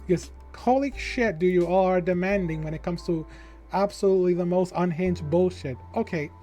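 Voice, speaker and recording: Male streamer host, high voice, giggly casual chatter with faint background music. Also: normal speed, dark tone. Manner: giggly, self-deprecating, rambling.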